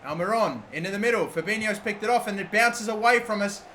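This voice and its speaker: A young Australian man commentating his own football video game, swearing freely and bursting into shouts when his team scores. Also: high-pitched, quick pace, a little hiss or hum. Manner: swears often, erupts into shouting at goals. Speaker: gaming YouTuber. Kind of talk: live gameplay commentary.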